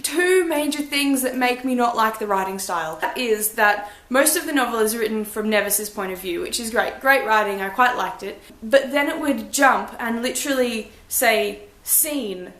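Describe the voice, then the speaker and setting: A woman's voice: a little high, normal speed, hardly any pauses, a bit bright, echoey room. A young woman giving a blunt, chatty, self-deprecating book review in a casual vlog. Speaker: book vlogger.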